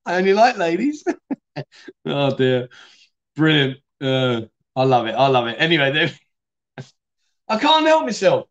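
A man's voice: mid-range voice, expressive, a little slow, long pauses, highs cut off. A man hosting a casual livestream, chatting, teasing viewers and laughing as he reads comments. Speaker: livestream host. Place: bar city in Thailand.

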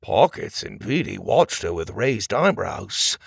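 Lively, animated male storyteller. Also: on the low side, takes it slowly, gravelly, husky, dry recording, clean studio sound. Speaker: narrator. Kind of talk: storybook narration.

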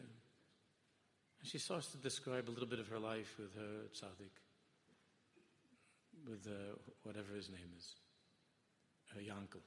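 Male rabbi preaching a Torah class with passion, dropping to quiet intensity, Hebrew terms throughout, recorded with long reverb. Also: mid-range voice, steady tone, measured pace, pauses often. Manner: impassioned, rising to loud emphasis then dropping to hushed tones; mixes Hebrew and Yiddish terms into English. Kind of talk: sermon-style Torah lecture.

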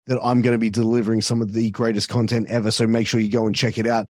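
A man's voice: fairly low pitch, level tone, fast, few pauses, darkish tone, dry recording, clean studio sound. An Australian man, a podcaster and wrestling announcer, chatting casually as a guest, swearing freely and filling his talk with asides. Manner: profane, loose, full of fillers.

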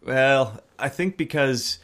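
A man's voice: medium pitch, takes it slowly, a bit bright. A man co-hosting a casual book podcast, chatting wryly and playfully. He slips into mock-formal phrasing for comic effect. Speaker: podcast co-host. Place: home in Scotland.

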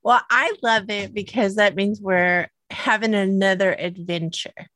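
Woman, southern US accent, slow delivery, enthusiastic co-host. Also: medium pitch, fairly even intonation, fairly bright tone, dry recording. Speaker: podcast co-host. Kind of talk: casual podcast chat.

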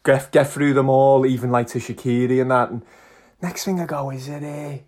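A man's voice: medium pitch, steady tone, normal speed, darkish tone. A man, co-hosting a casual chat and rambling through a story, calling his friend "lad". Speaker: podcast co-host.

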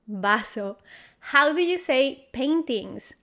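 Slow, patient woman teaching vocabulary. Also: high voice, lively intonation, sharp tone. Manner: repeats each word, quizzes the listener, patient and encouraging. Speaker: Spanish teacher. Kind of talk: slow, clear vocabulary lesson.

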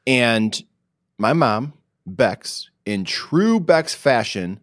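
A man's voice: mid-range voice, very slow, no room sound, clean studio sound. A man co-hosting a podcast, telling stories in a casual, self-mocking way. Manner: animated, self-mocking storyteller. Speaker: podcast co-host. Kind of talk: casual chat.

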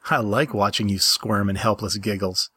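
A gentle young lover in a read-aloud story, teasing and warm, on a low, husky voice, as a man reads him. The sound is dry and close. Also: fairly even intonation, moderate pace, dry recording.

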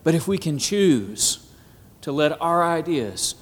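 A man preaching a sermon at a symposium, often pausing on "Amen" and building to emphatic, climbing phrases. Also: a little high, big pitch swings. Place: hall at a symposium. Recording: echoey hall.

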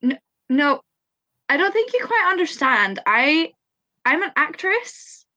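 A woman's voice: high voice, big pitch swings, takes it slowly, bright, forceful tone, dry recording, lo-fi sound, exaggerated voice. A woman improvising an overconfident actress who rambles in stammering questions. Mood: flustered. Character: overconfident dramatic female actress, nervous questioning. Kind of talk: improv comedy scene.

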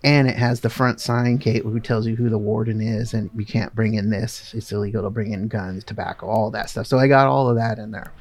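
Gravelly earnest man telling his story. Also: fairly low pitch, fairly even intonation, brisk, few pauses. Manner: earnest, conversational, laughs now and then. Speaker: guest artist. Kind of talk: casual storytelling.

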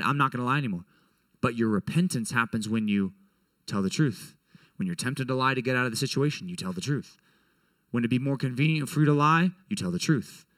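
Male preacher, mid-pitched, conversational sermon delivery, close dry sound. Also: no echo. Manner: conversational, animated, frequent "right?" check-ins. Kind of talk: sermon to young people.

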